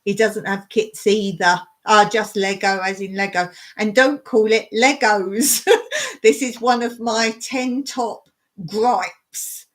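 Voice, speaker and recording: A woman's voice: mid-range voice, steady tone, slow pace. A woman chatting casually on a live stream, laughing as she rants about her pet peeves. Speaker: vlogger hosting a live stream.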